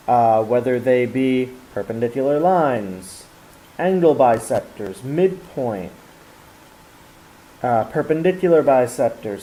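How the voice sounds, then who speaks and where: A man's voice: mid-range voice, dark tone, rough recording. A man explaining a geometry lesson step by step, with fillers and restarts. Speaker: math teacher.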